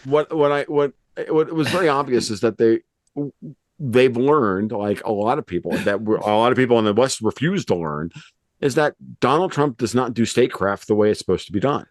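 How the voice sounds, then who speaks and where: A man's voice: mid-range voice, moderate pace, no echo. A man from the United States, a political commentator who talks bluntly in a casual discussion, swearing and restarting his sentences.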